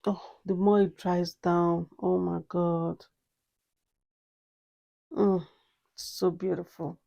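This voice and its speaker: Slow, gravelly-voiced woman gushing. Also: on the low side, flat delivery, dark tone. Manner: gushing, repeats phrases, exclaims often. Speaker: fragrance reviewer. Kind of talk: casual review vlog.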